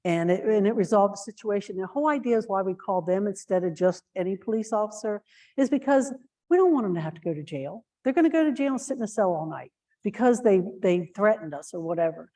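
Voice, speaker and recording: A woman's voice: medium pitch, animated, fast, warm tone. A woman giving earnest training to shelter volunteers, with plenty of fillers and restarts. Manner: acts out example phrases in a lifted voice.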